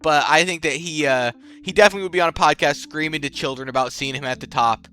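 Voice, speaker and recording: A man's voice: a little high, quick pace, pushed and bright, clear, resonant tone, faint music behind. A young man giving casual, slangy commentary as a channel host, rambling, swearing freely and laughing at his own jokes. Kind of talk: casual tier-list commentary.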